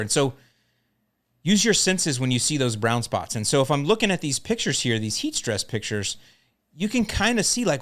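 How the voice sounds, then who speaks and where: A middle-aged man hosting a lawn care podcast, telling a story in a casual, joking way. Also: mid-range voice.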